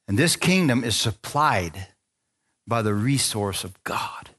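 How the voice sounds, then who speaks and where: A man preaching to his congregation with playful energy. His voice sits at an ordinary middle pitch, and he retells scripture as a lively story with voices for the characters. He keeps calling for amens along the way. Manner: excitable, playful storytelling with call-and-response. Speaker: pastor. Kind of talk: sermon.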